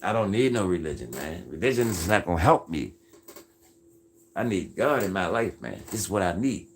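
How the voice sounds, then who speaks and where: A man's voice: sits low, very animated, moderate pace, a little hiss or hum. A man hosting a casual faith-based livestream, earnest and folksy, keeps calling his viewers "folks" and "man.". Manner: earnest, preacher-like insistence. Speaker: livestream host reading viewer comments.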